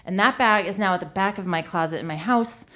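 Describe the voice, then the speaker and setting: A woman's voice: medium pitch, a little fast, a bit bright. A woman in her thirties telling a funny personal story on stage, self-deprecating and full of "like". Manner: comic, self-deprecating, lots of "like". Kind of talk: live storytelling.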